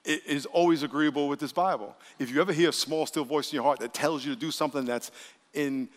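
A man preaching a lively sermon as pastor, acting out voices he quotes. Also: on the high side, fast. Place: church sanctuary. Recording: long reverb of a church hall.

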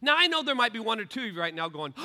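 A middle-aged man preaches in a large sanctuary, his voice pitched high and ringing bright. He swings from hushed asides to shouted emphasis, and the hall's long reverb trails every phrase. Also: sing-song, very fast. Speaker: pastor. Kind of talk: sermon. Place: big sanctuary, live audience.

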